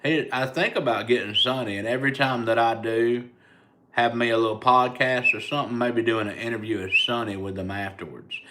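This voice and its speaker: A man's voice: mid-range voice, steady tone, brisk, bright, forceful tone, a little hiss or hum. A man with a Southern US accent, a comedian casually chatting live with his fans and answering their comments in a laid-back, rambling way. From United States.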